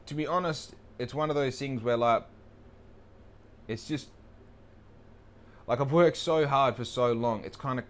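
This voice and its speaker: A young man talking casually in a rambling, profane, self-deprecating way. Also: mid-range voice. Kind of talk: casual monologue.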